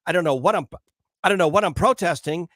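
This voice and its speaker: A man putting on the voice of a clueless young female college protester, gushing in a high, bubbly tone. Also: fast talker, a bit bright, dry recording, studio quality. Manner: gushing, high-pitched valley-girl chatter.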